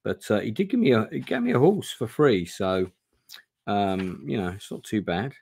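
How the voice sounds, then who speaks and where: A man's voice: on the low side, animated, normal speed, vocal fry, a little mellow, breathy edge. Chatty man reading a gamebook live. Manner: chatty, reads aloud, swears, talks to viewers. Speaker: streamer playing a gamebook. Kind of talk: live reading and casual chat. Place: home room. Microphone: on camera.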